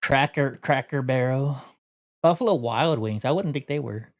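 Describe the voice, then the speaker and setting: A man's voice: mid-range voice, moderate pace. A man hosting a casual commentary vlog, sarcastic and grumbling, out of breath from walking. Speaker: vlogger.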